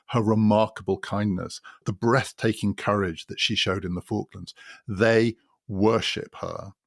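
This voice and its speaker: A man with a low, gravelly voice walks through a novel in a measured, storytelling way. The recording is dry and close. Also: dry recording. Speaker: podcast host. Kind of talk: explaining a novel.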